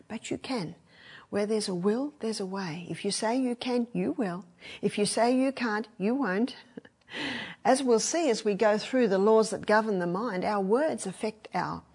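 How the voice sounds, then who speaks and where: An older woman giving a teaching talk, telling anecdotes from her retreat, acting out the people she quotes and laughing often. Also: medium pitch. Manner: acts out quoted voices, laughs often, lively storytelling. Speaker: retreat speaker.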